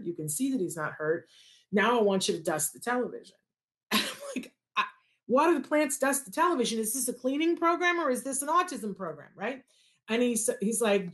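A woman, a parent of an autistic child, telling a personal story and acting out the dialogue in a lively way. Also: medium pitch. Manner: animated, acts out quoted dialogue.

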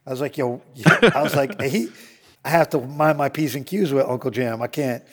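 Animated man telling a story, swearing. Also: medium pitch, brisk, big-room sound. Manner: animated, acts out quotes, laughs often, swears freely. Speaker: guest storyteller. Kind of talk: casual storytelling interview.

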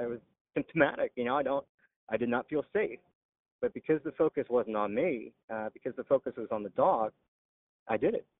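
A veteran telling his story in an interview, halting with frequent "uh" pauses. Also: mid-range voice, no echo. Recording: tinny phone-like line.

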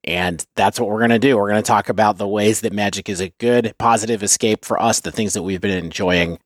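A man's voice: lowish voice, steady tone, brisk, no echo, clean studio sound. A man co-hosting a casual podcast, jokey and playful, laughing mid-sentence. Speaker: podcast co-host.

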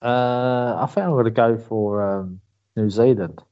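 Slow-talking Scouse male co-host. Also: mid-range voice, muffled recording. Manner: laughs often, repeats himself. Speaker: podcast co-host. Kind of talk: casual chat.

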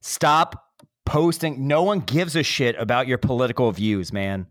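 A man's voice: mid-range voice, unhurried, fairly bright tone, dry recording, studio quality. A young man co-hosting a casual podcast chat, joking and swearing freely. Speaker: podcast co-host.

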